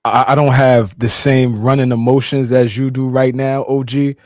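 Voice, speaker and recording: A man co-hosting a fan sports show, excited but measured, breaking down the game in analytical chat. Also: mid-range voice, dry recording, studio quality.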